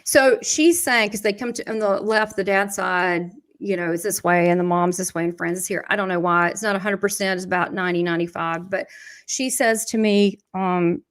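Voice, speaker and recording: A woman's voice: mid-range voice, steady tone, moderate pace. A woman with a Southern US accent, a psychic medium chatting and laughing as she passes on spirit messages. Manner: chatty, laughs often, relays quotes from spirit. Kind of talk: live medium reading.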